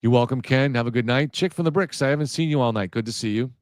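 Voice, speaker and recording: A man of middle pitch talks on a casual livestream, wandering through his points and often starting sentences over. The sound is dry and close, with no room echo. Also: fast talker. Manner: rambling, restarts mid-sentence, chats with viewers. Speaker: livestream host.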